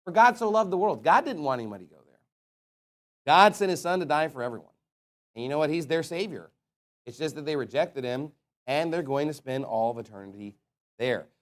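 A man preaching a sermon with passion, reading King James scripture and swinging between loud emphatic peaks and quiet asides. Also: fairly high pitch, lively intonation, a little fast, long pauses.

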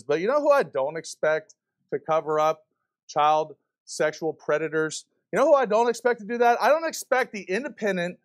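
A man's voice: fairly high pitch, fairly bright tone. A man preaching a fiery sermon to a church congregation, firing rhetorical questions at the pews. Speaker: visiting preacher.

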